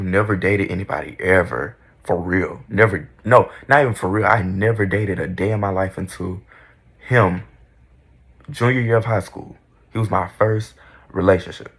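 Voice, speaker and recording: A man's voice: low voice, normal speed, a bit bright, breathy edge. A young man in casual storytime mode, candid, profane and dramatic about his own past. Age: young adult. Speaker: vlogger.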